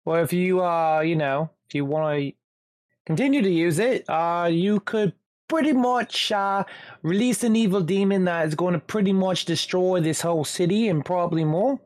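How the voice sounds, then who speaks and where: A man taking part in a tabletop game, his voice on the high side and recorded dry and close. He talks casually and haltingly, filling gaps with little hesitations. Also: darkish tone, no room sound. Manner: hesitant, lots of uh. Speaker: player.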